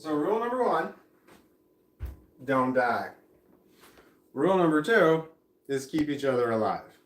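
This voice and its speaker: A man's voice: on the high side, sing-song, a little slow, a little hiss or hum. Rambling middle-aged man in a roomy space. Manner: meandering, self-interrupting, chuckling. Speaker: vlogger. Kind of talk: rambling casual monologue. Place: home room. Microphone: camera mic at a distance. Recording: roomy home recording, faint ambience.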